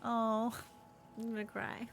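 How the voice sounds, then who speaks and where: Slow, gravelly woman streamer chatting. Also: on the high side, completely flat delivery, a little hiss or hum. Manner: reacts aloud with frequent laughs. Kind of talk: casual game-stream commentary. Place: home streaming setup.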